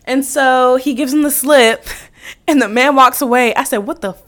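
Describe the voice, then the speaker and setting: A young woman with a fairly high voice tells a story on her podcast. She talks casually and swears freely. She acts out every line of dialogue with lively emphasis. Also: normal speed. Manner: animated, profane, acts out quotes with laughs. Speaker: podcast host.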